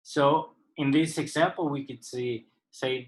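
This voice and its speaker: A man's voice: mid-range voice, fairly even intonation, a little slow, hardly any pauses, low-quality recording. A man teaching an English lesson, explaining words patiently and step by step. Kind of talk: slow recorded lesson explaining vocabulary.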